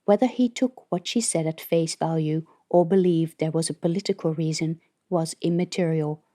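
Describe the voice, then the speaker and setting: A woman reading an audiobook as narrator, in steady scripted narration. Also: deep voice, normal speed.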